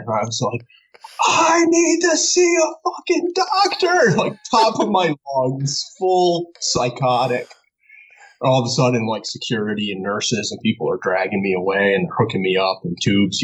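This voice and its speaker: A man from New York, a podcast guest, telling a story in a casual, animated way, laughing often and swearing freely. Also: lowish voice, rough recording.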